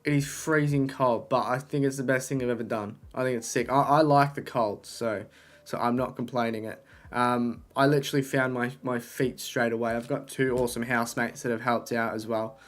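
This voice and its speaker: A young man chatting casually on a live stream, talking to his chat, excitable and swearing often, into a desk microphone. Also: medium pitch, normal speed. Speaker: livestreamer.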